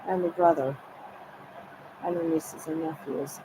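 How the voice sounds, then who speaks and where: A woman's voice: low-pitched, fairly even intonation, unhurried. A woman talking in a rambling, repetitive way, often relaying what others said to her. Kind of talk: rambling personal monologue. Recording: noisy ambient recording.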